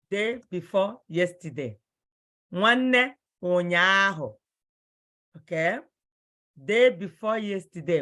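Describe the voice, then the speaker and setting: Slow, bright-voiced woman teaching vocabulary. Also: medium pitch. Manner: slow, repeats words carefully for students. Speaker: Igbo language teacher. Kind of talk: online language class.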